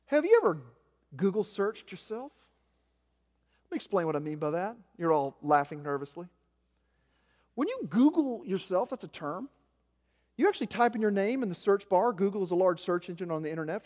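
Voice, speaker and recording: A man in his forties from Arkansas, preaching a sermon with self-mocking stories, shifting from quiet asides to loud emphasis. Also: fairly high pitch. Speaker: pastor. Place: church sanctuary. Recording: echoey hall.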